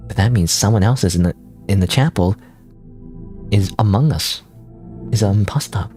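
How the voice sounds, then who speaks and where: A man's voice: fairly low pitch, normal speed, over music, close to an everyday voice. Man voicing an anxious, earnest nun. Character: troubled, pious young nun protagonist.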